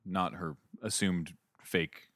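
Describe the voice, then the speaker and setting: A man with a very low voice chats casually on a podcast, retelling a TV episode with jokes and quoted lines. The sound is close and dry, with no room around it. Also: fairly even intonation, slow pace, fairly bright tone, no echo. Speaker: podcast co-host. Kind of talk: casual chat recapping a TV episode.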